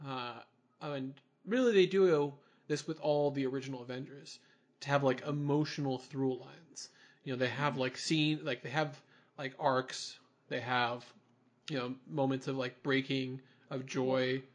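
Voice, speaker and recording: A man's voice: medium pitch, measured pace. Easygoing man chatting on a podcast. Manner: relaxed, chatty, laughs easily. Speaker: podcast co-host. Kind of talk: casual movie review chat.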